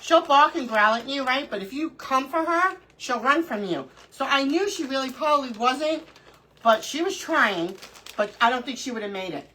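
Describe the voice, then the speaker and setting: Middle-aged woman, craft stream host, lively laughing storyteller, bright tense voice, a bit high. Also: moderate pace, a little hiss or hum, poor audio. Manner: animated storyteller, laughs often. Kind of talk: casual chat during a live crafting stream.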